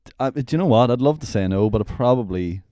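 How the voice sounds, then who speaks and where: A man's voice: mid-range voice, animated, fast, mellow, no echo. A man who is a podcast guest, chatting casually, teasing the host in a dry way and swearing now and then. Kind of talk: casual chat.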